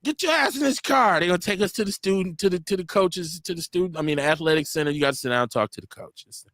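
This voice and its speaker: A man in his forties hosting an internet radio show, telling stories in a casual, animated way, acting out what people said and swearing freely. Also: fairly high pitch, quick pace, dry recording, studio quality.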